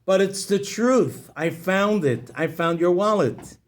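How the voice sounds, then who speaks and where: Man reading a cheerful good-hearted man, upbeat and unhurried. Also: high-pitched, lively intonation, pitched above the performer's own voice. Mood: reassuring. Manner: warm, upbeat greetings. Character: cheerful kindly man, always smiling.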